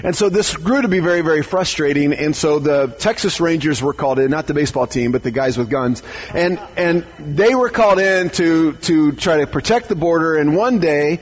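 Man, pastor, casual sermon, repeats words, husky, slightly high. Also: lively intonation, moderate pace, dull audio. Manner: conversational, repeats words, asks "right?". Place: church.

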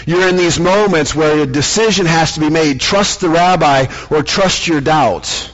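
A man preaching a sermon, telling a story and slowing down for dramatic emphasis. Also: on the high side. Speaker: pastor. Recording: dull lo-fi sound.

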